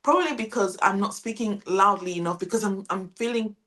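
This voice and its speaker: A middle-aged woman, an international teacher, giving calm, reflective advice as a guest in a podcast interview. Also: medium pitch, fairly quick. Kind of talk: casual interview chat.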